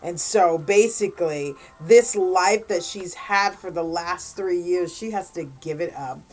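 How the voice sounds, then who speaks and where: A woman's voice: on the low side, measured pace, darkish tone, soft background music. A woman, a guest reviewer, casually retelling a book's plot in a rambling way, full of "like" and "blah, blah.". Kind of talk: casual spoken book recap.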